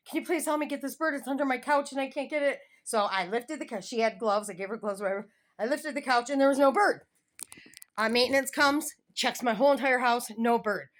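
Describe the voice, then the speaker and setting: A middle-aged woman chatting in a meandering, giggly way with many tangents, filming her home on a handheld phone. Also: medium pitch. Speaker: vlogger. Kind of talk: casual rambling home vlog. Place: at home, indoors. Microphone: handheld phone camera filming the room, face off screen.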